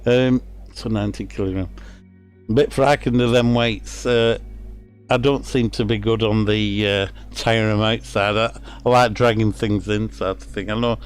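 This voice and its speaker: A man's voice: on the low side, clean tone. A middle-aged man from England with a Lancashire accent, giving casual, rambling commentary on a fishing game with many fillers and restarts. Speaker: streamer.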